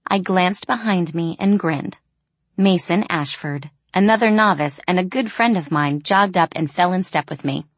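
A woman narrating a first-person audiobook in an expressive, storytelling way. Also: lowish voice, normal speed, no echo.

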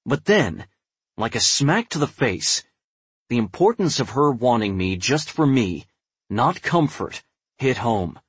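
A man reads a first-person romance story at an unhurried, drawn-out pace. His low voice carries a husky grain, and he drops to a hushed, breathy tone for the dialogue. The recording is dry and close. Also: sing-song, dry recording. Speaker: audiobook narrator.

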